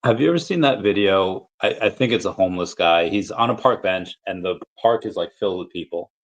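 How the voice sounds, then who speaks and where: A man hosting a casual podcast interview, chatting in a relaxed conversational way. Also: low-pitched, a little fast, lo-fi sound. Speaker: podcast host.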